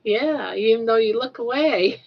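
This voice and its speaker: A woman's voice: on the high side, expressive, unhurried, highs cut off. An older woman hosting a casual live stream, chatting with viewers and cooing at her pet in baby talk with lots of giggles.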